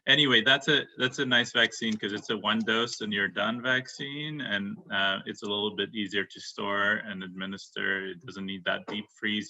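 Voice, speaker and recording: A man's voice: fairly low pitch, bright, forceful tone, rough recording. A man giving a county health update on a video call, informal, with many fillers and restarts. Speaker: county deputy health officer.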